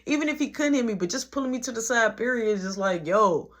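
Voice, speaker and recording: A woman telling a storytime about a shift at work, with a very lively, sing-song voice. She keeps punctuating her story with "boom" and acts out everyone's lines. Her manner is casual and animated throughout. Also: fast.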